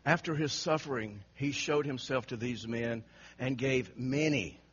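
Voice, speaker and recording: Man, pastor, lively sermon, dramatic storytelling, bright forceful voice, muffled lo-fi recording. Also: medium pitch, a little slow, husky. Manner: dramatic storytelling, acts out quotes, laughs often. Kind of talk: animated sermon.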